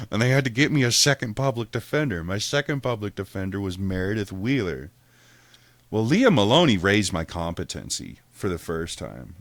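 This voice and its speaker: A young man telling a story in a low, lively voice that swings up and down in pitch. He swears freely, often breaks into laughter, and sounds close and dry, with no room around him. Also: normal speed, dry recording. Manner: profane, animated, laughs often while talking. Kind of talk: casual storytelling.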